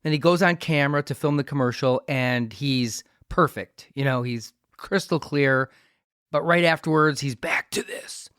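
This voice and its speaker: A man's voice: a little high, moderate pace, fairly bright tone, clear, resonant tone, dry recording, clean studio sound. A middle-aged man hosting a podcast, swapping rambling anecdotes in casual chat. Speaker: podcast host.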